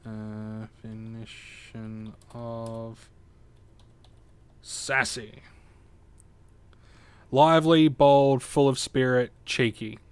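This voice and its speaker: A man's voice: mid-range voice, level tone, very slow, long pauses, a little hiss or hum. A young Australian man chatting casually and jokingly with his viewers while streaming a game, rambling from one thought to the next. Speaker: live streamer.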